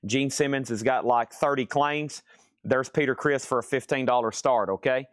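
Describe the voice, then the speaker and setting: A man keeps up easy auction patter from a record store, calling out items and prices while cracking jokes. His voice sits at a middle pitch for a man. The sound is dry and close, with no room around it. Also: steady tone, normal speed, no echo. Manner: chatty and joking, rambling between prices. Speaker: live-stream vinyl record seller. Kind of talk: live auction sales patter.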